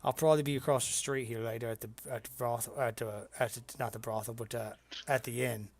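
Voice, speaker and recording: A game master voicing a rowdy, crude bagpiper. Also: male voice, medium pitch, fairly even intonation, fast talker, creaky, darkish tone, voice pushed down, lightly acted. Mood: rambling. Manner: rambling and crude, hesitant. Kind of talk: tabletop role-play voice.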